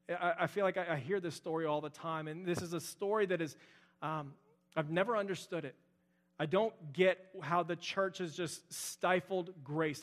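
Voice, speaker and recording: A man's voice: fairly high pitch, in a large hall. A young adult man preaching a sermon as pastor, earnest and repetitive in his emphasis.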